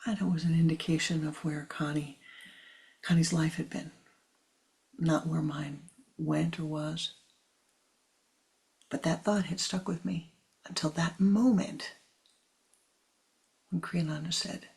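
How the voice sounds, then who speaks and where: A woman spiritual teacher giving a talk in a soft, half-whispered delivery. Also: sits low, steady tone, takes it slowly, long pauses. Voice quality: husky, gravelly.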